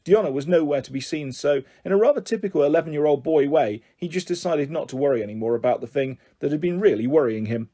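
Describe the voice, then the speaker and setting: A man's voice: on the high side, fast, hardly any pauses, dark tone. A man narrating a children's novel expressively as an audiobook reader. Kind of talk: storybook narration.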